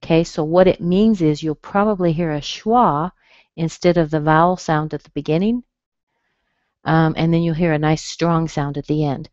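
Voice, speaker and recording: Woman with an American accent, pronunciation teacher, low voice, slow drawn-out demonstrations, dull dry webinar audio. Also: fairly even intonation, darkish tone, no room sound. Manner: patient, explains slowly, drawing out demonstration sounds. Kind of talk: live online class.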